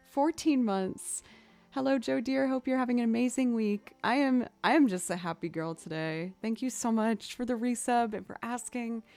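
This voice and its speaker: A woman's voice: a little high, a little mellow, dry recording. A young woman musician chatting casually on a livestream, rambling through stories and thanking viewers as she goes. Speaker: musician streamer.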